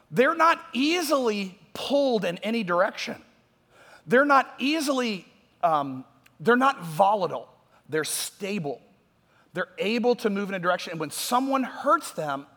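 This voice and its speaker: A man preaching a sermon, talking conversationally and moving between loud emphatic points and quiet asides. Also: a little high. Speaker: pastor. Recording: long hall reverb.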